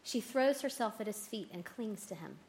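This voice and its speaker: Woman, devotional scripture reading, expressive, mid-pitched voice, faint background noise. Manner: slow, expressive reading, voicing the quotes. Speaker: scripture reader.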